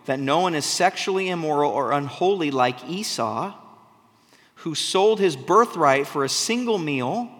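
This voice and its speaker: Here the preacher's voice sits high and fairly bright as he reads from scripture. He explains the text through easygoing, conversational remarks, and the hall gives it a long reverb.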